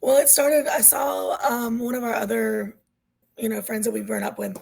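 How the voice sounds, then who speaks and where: A woman's voice: on the high side, moderate pace, a little mellow, rough recording. A woman in her thirties, a guest on an interview podcast, telling her story earnestly while losing her voice. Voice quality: gravelly, husky. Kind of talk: candid personal interview.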